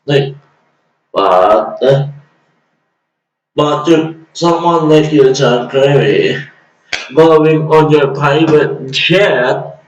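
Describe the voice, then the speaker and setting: A man's voice: fairly high pitch, very slow, long pauses, distant mic, muffled recording. A man ranting in an exasperated, mocking way, swearing at times, as a vlogger. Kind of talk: ranting commentary. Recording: echoey room, away from mic.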